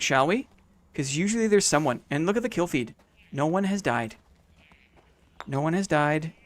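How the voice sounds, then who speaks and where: A man's voice: a little high, a bit bright, a little hiss or hum. A young man with a small-town Canadian accent, chatting casually while streaming a game, thanking viewers and making playful sound effects. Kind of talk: casual gameplay commentary.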